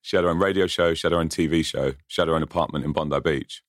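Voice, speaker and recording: Deep voiced english guy rattling off stories quick, very dry sound. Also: dry recording. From England. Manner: rapid, animated anecdote telling with quoted dialogue. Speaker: musician guest. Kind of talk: casual storytelling chat.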